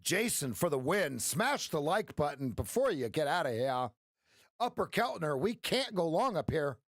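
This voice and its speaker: In a fairly high, bright, sing-song voice at a moderate pace, a man gives live-stream trading commentary, recorded dry and studio-clean. He's a playful, joking trading coach who slips into sound effects.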